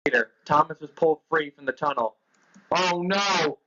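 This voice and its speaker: A man narrates a storybook tale in a plain, steady reading manner. His voice is slightly high, bright and forceful. The recording sounds dull and lo-fi, with faint music behind it. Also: quick pace. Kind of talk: scripted narration.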